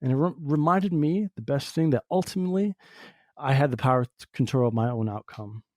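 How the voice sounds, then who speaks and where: A man's voice: mid-range voice, animated, fairly quick, darkish tone, dry recording, studio quality. A man hosting a podcast, talking through a personal reflective monologue in a rambling way, full of "you know" fillers. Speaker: podcast host. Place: lives in Southern Oregon.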